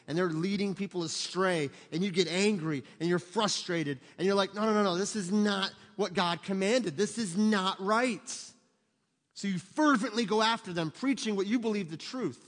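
A male pastor preaching with emphasis, his voice sitting a little high for a man. He pushes his listeners with rhetorical questions. The sound rings with the long reverb of a large hall. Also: a bit bright. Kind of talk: sermon.

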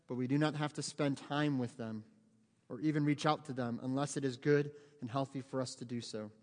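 A middle-aged man from the United States, a pastor preaching a sermon in an earnest, pleading way that builds to emphatic peaks. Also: fairly high pitch. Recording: long church hall reverb.

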